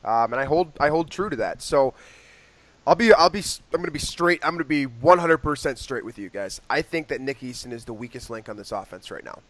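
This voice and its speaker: A man's voice: medium pitch, animated, fairly quick, a bit bright. A young man co-hosting a casual sports podcast, opinionated and frank, with frequent ums and hedges. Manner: opinionated, hedging with fillers. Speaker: podcast co-host.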